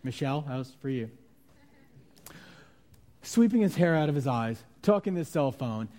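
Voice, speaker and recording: Man preaching a conversational sermon, mellow voice. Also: a little high, lively intonation, a little fast. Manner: conversational preaching, acts out quoted voices with sudden loud outbursts. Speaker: pastor.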